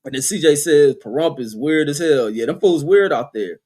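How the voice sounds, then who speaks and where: A man's voice: fairly high pitch, animated, moderate pace, darkish tone, slightly rough. A man hosting a casual livestream, reading chat comments aloud and answering with profane, laughing commentary.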